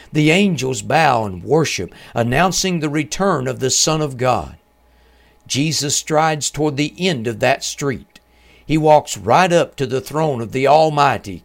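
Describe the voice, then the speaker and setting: A man's voice: medium pitch, vocal fry. Solemn male religious radio narrator. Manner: measured, solemn reading. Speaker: radio program host.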